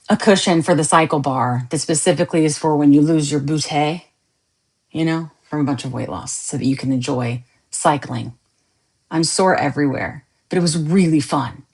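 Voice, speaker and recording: Woman chatting on a live stream, lots of laughs, voice jumps all over, kinda low. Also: husky. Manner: animated, laughs often, jokey asides. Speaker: podcast host live-streaming. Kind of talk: casual live-stream chat with viewers.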